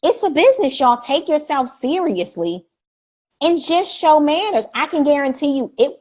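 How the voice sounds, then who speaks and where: High-voiced woman preaching good manners. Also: big pitch swings, moderate pace, darkish tone. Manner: preachy, repeats "y'all", acts out polite phrases. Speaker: host. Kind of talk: energetic livestream talk.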